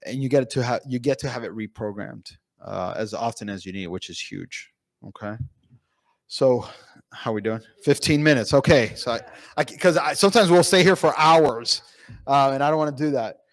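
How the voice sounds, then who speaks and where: Guy doctor giving a conference talk, middle pitch, lots of ums and restarts, animated storytelling. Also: no room sound. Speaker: pain physician speaking at a conference. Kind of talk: conference talk with patient stories. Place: conference room.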